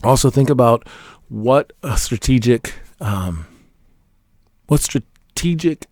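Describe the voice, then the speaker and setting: A man's voice: medium pitch, darkish tone, dry recording, studio quality. A man, a military veteran, talking casually to camera as a fatherhood vlogger, rambling and emphatic with little laughs between points.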